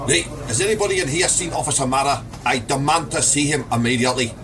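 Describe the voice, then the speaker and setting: A man with a Teesside accent playing a gruff, demanding police sergeant in a comedy sketch. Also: medium pitch, quick pace, crowd noise, close to an everyday voice. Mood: bossy. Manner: bossy, barking.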